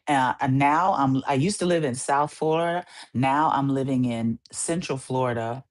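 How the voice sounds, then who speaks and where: A woman hosting her podcast in a casual solo monologue, ranting playfully and repeating phrases for emphasis. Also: low voice. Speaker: podcast host.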